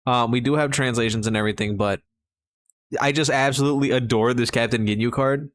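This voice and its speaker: Young man, sick, casual game commentary, excited and rambling, mid-range voice. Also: mid-range voice, brisk, no room sound. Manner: enthusiastic, rambling with fillers and restarts. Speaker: mobile game content creator.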